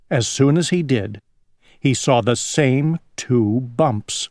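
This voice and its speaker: A man reading a children's picture book aloud in a slow, expressive storytelling manner. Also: mid-range voice, dry recording, studio quality. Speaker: storybook reader.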